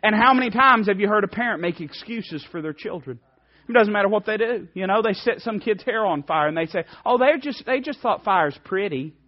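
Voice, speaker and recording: Fervent high-voiced preacher, muffled radio. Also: male voice, brisk. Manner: fervent, swings from loud emphasis to hushed soft passages. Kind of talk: sermon.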